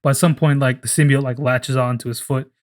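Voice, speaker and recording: A man's voice: mid-range voice, fairly even intonation, brisk. A man co-hosting a casual podcast, talking in a rambling, profane way full of restarts. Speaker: podcast co-host. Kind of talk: casual chat.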